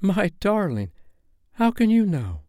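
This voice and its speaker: A man voicing Wendy, a gentle, wistful grown-up mother, in a storybook reading. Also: sits high, wildly swooping pitch, slow pace, dry recording, studio quality, voice pushed up, exaggerated voice. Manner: soft and tender.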